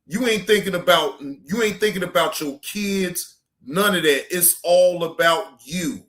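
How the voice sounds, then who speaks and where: Slow-talking male reaction host. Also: sits high, a bit bright. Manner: preachy, repeats himself, asks "right?". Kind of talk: casual commentary.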